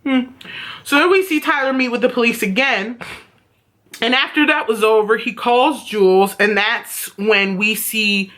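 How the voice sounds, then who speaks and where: Animated young woman recapping a TV episode. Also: fairly high pitch, measured pace. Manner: animated, profane, acts out characters' lines. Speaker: TV show reviewer.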